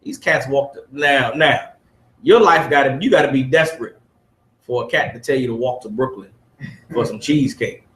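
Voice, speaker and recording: A man teaching a study group delivers a preachy lesson in a room full of listeners, reading aloud and hammering them with rhetorical questions. His voice sits at medium pitch with a fairly bright tone, moving at normal speed. The recording has an echoey room sound.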